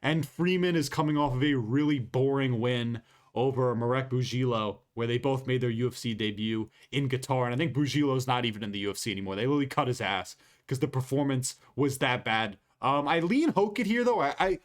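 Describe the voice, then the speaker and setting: A man's voice: medium pitch, a little fast. A man giving casual, profane fight predictions as an MMA analyst, rambling loosely with frequent restarts.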